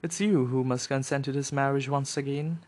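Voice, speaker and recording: A man reading a novel aloud, voicing a gentle middle-aged aunt who pleads earnestly. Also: mid-range voice, fairly even intonation, moderate pace, close to an everyday voice.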